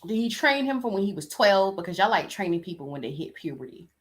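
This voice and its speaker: A woman's voice: mid-range voice, sing-song, quick pace. A young woman hosting a podcast, reading celebrity news and riffing on it in a sassy, chatty way. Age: young adult. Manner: chatty, sassy, reads news aloud and riffs on it. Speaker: podcast host. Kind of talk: casual gossip commentary.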